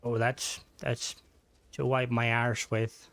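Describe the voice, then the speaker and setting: A man streaming a game, chatting loosely with viewers while he plays, swearing freely and breaking into excited outbursts. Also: mid-range voice, slow, smooth, no room sound. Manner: rambling, profane, reads and answers chat while playing; excitable outbursts during gameplay. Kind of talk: casual gaming livestream chat.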